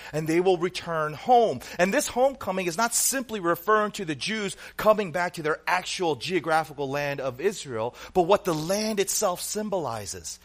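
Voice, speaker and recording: A man preaching a sermon to a congregation, earnest, asking rhetorical questions and swinging between loud emphasis and quiet, low asides. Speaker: pastor.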